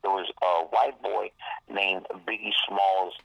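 A man's voice: sits low, fairly even intonation, slow, vocal fry, dry recording, dull audio. A man, a rapper guest, telling a rambling, profane story in casual talk and acting out the lines people said. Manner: profane, rambling, acts out quoted dialogue.

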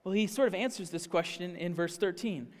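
Male pastor, earnest teaching sermon, a touch high-pitched, long reverb from a church hall. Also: fairly quick. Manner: earnest, teaching, asks the congregation questions. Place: church sanctuary.

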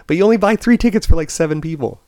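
A man's voice: fairly high pitch, very fast, dry recording, studio quality. A man co-hosting a podcast in casual chat, telling work stories and acting out the people in them. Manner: animated storytelling, acting out quoted voices. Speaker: podcast co-host; bartender.

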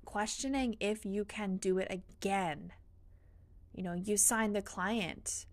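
A woman's voice: mid-range voice, fairly even intonation, slow pace, no echo. A woman hosting a motivational podcast, speaking in an earnest, encouraging, faith-filled tone. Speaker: podcast host.

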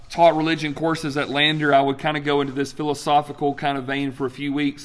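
A man in his forties preaches a sermon with a fairly high voice. He is animated, jumping up in pitch as he acts out the voices he quotes, then dropping low and quiet for weight. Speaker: pastor.

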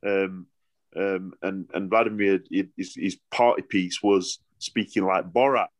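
A middle-aged Yorkshire man, a boxer, talks through his stories in a relaxed interview. His voice sits a little low, and the recording is close and dry. He rambles in broad dialect and keeps restarting his sentences. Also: measured pace, dry recording. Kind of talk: casual interview storytelling.

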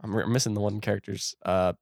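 A man's voice: on the low side, fast talker, creaky, no echo, clean studio sound. A man co-hosting a podcast, retelling a film plot in casual chat and acting out the characters' lines. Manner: animated retelling with acted-out quotes. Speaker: podcast co-host.

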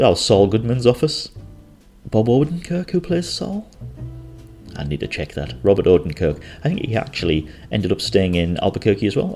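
A deep-voiced man recalls a trip in an easygoing, rambling way, stopping now and then to correct himself. Soft music plays faintly behind him. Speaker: travel storyteller. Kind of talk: casual travel recollection.

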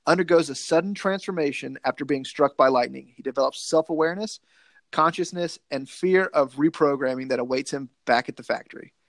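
A man's voice: fairly high pitch, fairly quick, a bit bright, dry recording. Chatty man with a dry close sound. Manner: loose, rambling, jokey. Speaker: podcast co-host. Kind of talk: casual movie chat.

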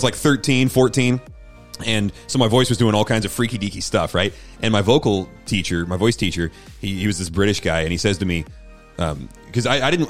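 A low-voiced man speaks as a pastor, earnest and encouraging, with loose conversational fillers. Faint music plays behind him. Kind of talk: teaching podcast talk.

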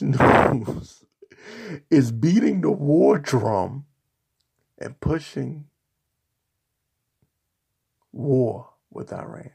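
A man's voice: on the high side, gravelly, darkish tone, slightly rough. A man delivering a sarcastic, mocking opinion rant on a vlog, hammering his points with repetition and insults. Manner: repetitive, emphatic rhetoric. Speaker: political commentator.

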